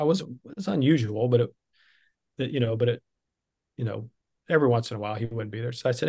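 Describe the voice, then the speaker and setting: A man's voice: mid-range voice, fairly even intonation, fast, gravelly, darkish tone. A man in his fifties, a business coach being interviewed, telling a personal story in an earnest, conversational way.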